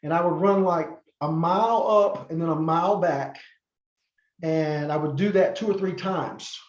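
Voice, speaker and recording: This podcast guest, a former wrestler from North Carolina, has a fairly high voice and a moderate pace. His casual interview stories ramble, packed with fillers and restarts, and he performs the voices of quoted people. The audio is roomy and somewhat muffled.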